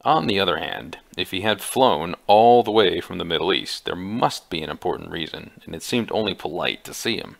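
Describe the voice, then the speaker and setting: A man reading an adventure book aloud with small slips, in a gravelly voice. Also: sits low, expressive, normal speed, hardly any pauses. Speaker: audiobook reader. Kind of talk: amateur audiobook reading.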